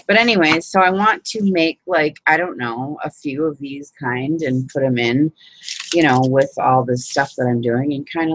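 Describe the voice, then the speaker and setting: The host of a laid-back live crafting hangout speaks in a low voice, chatting away as she demonstrates paper folds and welcomes viewers. She leans on "you know what I mean" as filler; the recording is rough with slight background noise.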